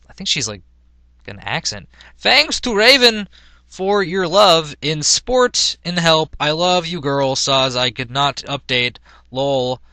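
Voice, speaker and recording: A man's voice: medium pitch, animated, unhurried, bright, forceful tone, no echo. A man reading a badly written story aloud in a mock-dramatic, sarcastic way, with laughing asides. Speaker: comedic reader.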